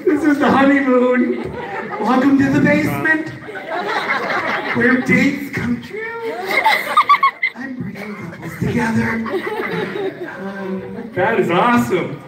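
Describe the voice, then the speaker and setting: A man doing a stand-up comedy set, working the crowd with an animated delivery at a live show. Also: very high voice, slow, long pauses, distant mic. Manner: animated, crowd work with audience. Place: live venue with audience. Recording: live show, roomy with loud audience. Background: crowd laughter and noise.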